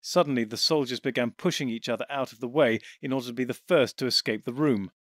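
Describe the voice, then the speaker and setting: A man narrating an audiobook in an even, steady storytelling voice on a close mic. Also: medium pitch, fast, no room sound.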